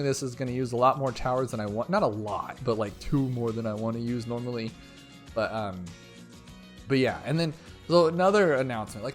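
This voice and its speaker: Excitable rambling gaming YouTuber man. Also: mid-range voice. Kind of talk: rambling game commentary.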